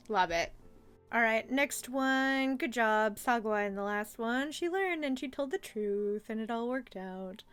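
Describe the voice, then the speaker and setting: A woman's voice: fairly high pitch, expressive, measured pace, a bit bright, clean tone, faint music behind. A young adult woman hosting a casual review of a childhood cartoon, chatty and gushing, full of filler words. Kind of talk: casual commentary.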